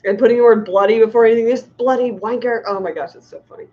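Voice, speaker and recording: A woman's voice: medium pitch, racing. A middle-aged woman chatting casually on a livestream, rambling and giggling as she reads comments. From United States. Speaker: fishkeeping livestream host. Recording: muffled lo-fi stream audio.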